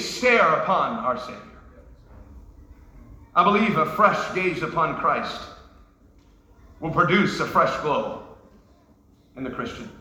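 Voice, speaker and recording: A man from New York preaches with a high, sharply bright voice. He pushes hard on his points and slips into playful asides. The sound rings in an echoey church hall. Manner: emphatic, rising to shouts, with joking asides. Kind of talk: sermon. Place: church sanctuary.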